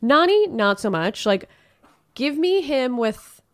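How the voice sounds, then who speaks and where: A woman's voice: sits high, sing-song, takes it slowly. A woman co-hosting a podcast, giving blunt opinions in casual chat with many fillers. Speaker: podcast co-host.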